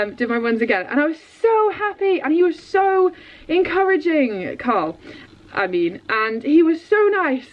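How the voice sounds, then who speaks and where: Excitable woman, rambling vlog chat. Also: high voice, measured pace. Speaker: vlogger and dressage rider. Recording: dull lo-fi sound.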